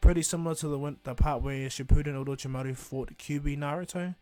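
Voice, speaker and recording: A man's voice: on the high side, steady tone, quick pace, a little mellow. A man casually retelling a fan-fiction story, rambling, with fillers and repeated "and he goes".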